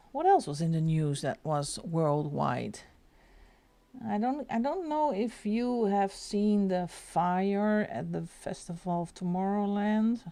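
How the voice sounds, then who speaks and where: Dutch is this woman's first language, and her English carries a Flemish accent. Her voice is lowish and dark-toned as she hosts a live stream, colouring while she chats casually and giggles a lot.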